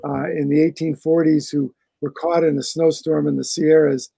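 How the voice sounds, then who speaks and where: Brief: male author guest, gravelly and dark-toned, rambling conversational answers, dry sound. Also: on the high side, level tone, moderate pace, dry recording, low-quality recording. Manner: rambling, restarts phrases while thinking.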